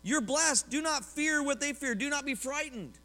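A high-pitched, bright-toned pastor preaching a lively sermon. He tells personal stories and puts questions to his listeners. His voice carries a long reverb, as if in a large church sanctuary. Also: moderate pace. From Oklahoma, US.

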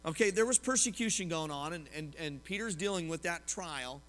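A man, preaching a lively sermon as a pastor, telling personal stories and asking the congregation questions. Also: fairly high pitch, fairly quick. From Oklahoma, US. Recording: long hall reverb.

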